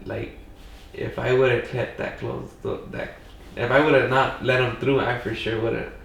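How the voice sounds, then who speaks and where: A man's voice: medium pitch, steady tone, a little slow, gravelly, fairly bright tone. A young man from Los Angeles, a podcast guest telling a story in a rambling way, full of "you know" and "like". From Pacoima, Los Angeles. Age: young adult. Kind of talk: casual storytelling. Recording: echoey room, mic far off.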